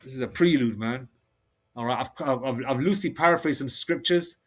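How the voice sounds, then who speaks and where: Man, solo preacher; rambles, restarts, reads scripture slowly, flares up hot. Mid-pitched. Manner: excitable, heated outbursts. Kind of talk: solo religious monologue.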